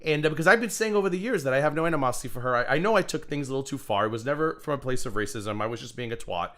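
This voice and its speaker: A man hosts a live stream in a loose, rambling way and keeps breaking off to greet people in the chat. His pitch swings widely as he talks. His voice sits in a middle register for a man. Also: expressive, very fast, a bit bright. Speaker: livestream host. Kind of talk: casual live commentary.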